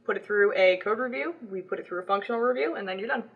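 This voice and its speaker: A woman's voice: medium pitch, fast, husky, narrow, tinny audio. A woman who is a guest on a livestream, explaining marketplace work in brief, matter-of-fact answers. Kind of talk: casual livestream chat.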